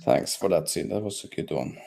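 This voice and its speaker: A man narrating scenes in a tabletop story game, slow and halting with many fillers. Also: low-pitched, lively intonation, gravelly, a little mellow, a little hiss or hum. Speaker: player.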